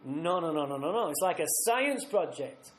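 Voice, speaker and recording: A man speaking at a recovery retreat, telling his own story bluntly and vividly, acting out scenes with rough language. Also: on the high side, animated, normal speed, slight background noise. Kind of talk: personal recovery story told live. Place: retreat meeting room. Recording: roomy live talk recording.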